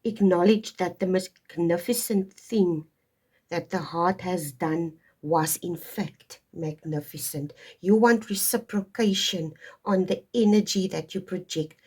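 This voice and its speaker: Slow, husky woman reading tarot. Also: lowish voice, darkish tone. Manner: digressive, emphatic, stops to stress points. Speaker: tarot reader. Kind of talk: casual spoken astrology reading.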